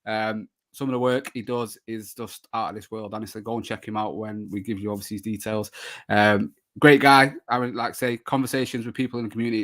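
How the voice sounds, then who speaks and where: A man's voice: medium pitch, fairly bright tone. A man hosting a live football shirt show, chatting casually with many fillers and restarts. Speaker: podcast host.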